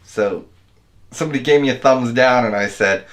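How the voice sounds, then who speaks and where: A man's voice: on the low side, a little fast. An American man hosting his channel, chatting loosely with viewers in a rambling, laid-back way, calling them dude and man. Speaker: video editor and channel host. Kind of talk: casual livestream chat with viewers.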